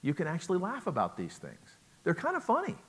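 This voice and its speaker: A man's voice: sits high, huge pitch swings, a little fast, slightly rough. A middle-aged man giving a relationship talk at a conference, chatty and joking, asking the audience questions. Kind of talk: lecture to a live audience.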